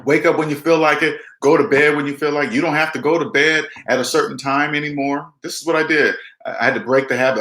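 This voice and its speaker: A man's voice: mid-range voice, steady tone, brisk, a bit bright, echoey room. A man in his forties giving a casual motivational talk to his viewers, repeating himself and acting out other people's lines. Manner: preachy, repetitive, talks straight to viewers, acts out quotes. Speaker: personal finance vlogger. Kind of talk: casual motivational monologue to camera.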